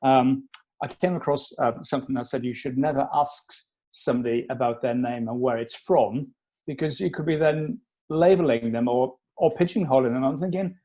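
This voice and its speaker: A man from Wales hosting a podcast in casual chat, curious and conversational, with a frog in his throat and frequent throat-clearing. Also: medium pitch, normal speed, dark tone, muffled recording. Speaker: podcast host.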